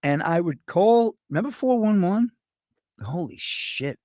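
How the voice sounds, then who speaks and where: A man's voice: high voice, animated, unhurried, darkish tone, no room sound, clean studio sound. A middle-aged man, hosting a show with a rambling, profane, sarcastic comedic rant. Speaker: podcast host.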